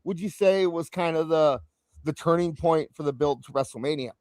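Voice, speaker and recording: A man's voice: normal speed, no room sound. A man hosting a casual wrestling talk show, chatting and rambling with a co-host. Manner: animated, rambling, jumps in pitch. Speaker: podcast host.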